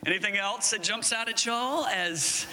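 Male pastor, high-pitched, lively, conversational sermon. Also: normal speed. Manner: lively, jokey, talks with the congregation.

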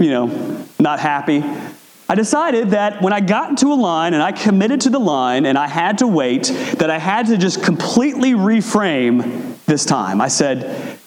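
A man preaching a sermon in a conversational way, acting out quotes with big swings in pitch. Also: darkish tone. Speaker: pastor. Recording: echoey hall with long reverb.

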